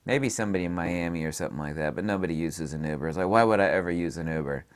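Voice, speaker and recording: A man's voice: sits low, very fast. A middle-aged man from the American South, telling blunt, casual stories about a trip and laughing at his own punchlines. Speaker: photography vlogger. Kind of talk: casual storytelling.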